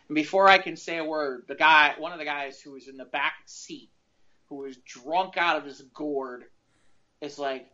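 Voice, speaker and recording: A man's voice: on the high side, fairly even intonation, moderate pace, bright, forceful tone, muffled recording. A man co-hosting a casual talk show, telling a long, rambling story. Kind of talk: casual podcast chat.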